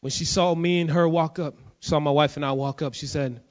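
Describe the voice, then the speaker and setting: A man from Jacksonville preaching a sermon as a pastor, fervent and at times shouting, then dropping low to tell a story. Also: steady tone, brisk, hardly any pauses, highs cut off. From Jacksonville, USA.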